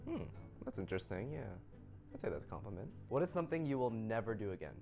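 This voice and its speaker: A man's voice: fairly low pitch, fast. Laid-back young man hosting an interview. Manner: relaxed, chatty, laughs easily. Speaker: interviewer and series host. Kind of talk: casual interview, lightning-round questions. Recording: faint music underneath.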